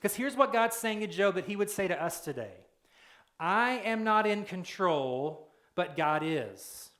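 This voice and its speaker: A man's voice: sits high, lively intonation, a little slow, a bit bright, reverberant. A man preaching a sermon in a casual, conversational way, with joking asides and quoted voices that he acts out. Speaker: pastor.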